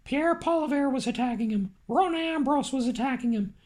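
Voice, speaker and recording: A man voicing a chirpy male rooster puppet, narrating an audiobook in a squeaky put-on impression voice. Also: moderate pace, a little mellow. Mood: storytelling.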